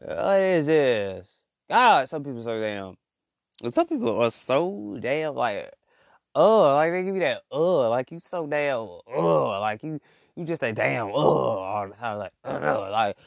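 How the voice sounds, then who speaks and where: A man doing a comedic rant monologue, rambling and slangy, full of fillers and restarts, jumping from low mumbles to loud outbursts. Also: lively intonation, unhurried, creaky, no echo, clean studio sound.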